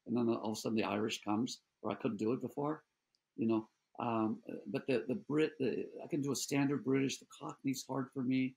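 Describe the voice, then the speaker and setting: An older man, an actor talking as a guest in a casual interview, halting and often restarting his sentences. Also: mid-range voice, steady tone, creaky, darkish tone, breathy edge. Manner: halting, many restarts and repeated words.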